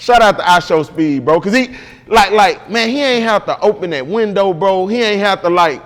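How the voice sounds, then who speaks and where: A man's voice: high-pitched, animated, moderate pace, a bit bright, big-room sound. A man guest in an interview, telling a story casually and with animation, full of slang and repeated "bro".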